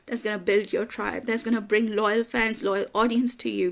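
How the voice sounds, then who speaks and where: A woman's voice: medium pitch, fairly even intonation, moderate pace, creaky. A woman business coach giving an emphatic motivational talk, repeating phrases for emphasis and getting emotional at times. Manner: gets emotional, laughs through tears.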